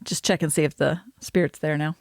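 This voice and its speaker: A woman's voice: low voice, steady tone, brisk, darkish tone, dry recording, clean studio sound. A woman co-hosting a podcast, chatting casually with fillers and frequent laughs. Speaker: podcast co-host.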